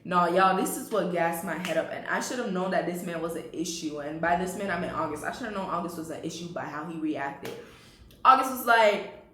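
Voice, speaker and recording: A woman's voice: fairly low pitch, brisk, pushed and bright, slight background noise. A young adult woman telling a storytime vlog, chatty and laughing, talking straight to her viewers. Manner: chatty, addresses viewers as y'all, laughs often. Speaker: vlogger. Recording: roomy echo.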